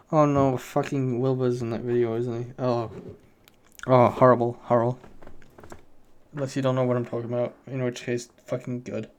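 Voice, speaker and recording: A man's voice: mid-range voice, a little mellow, clear, resonant tone. A young man with a British accent talks alone into his podcast mic, rambling from one gripe to the next. He swears freely and pokes fun at himself, in an ordinary mid-range voice. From Britain. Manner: rambling, sweary, self-mocking. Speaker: podcast host. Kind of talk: solo casual podcast rant.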